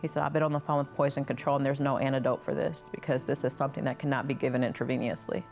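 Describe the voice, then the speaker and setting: A mother telling a personal story in a halting way, restarting often. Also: very deep voice, level tone, darkish tone, faint music behind.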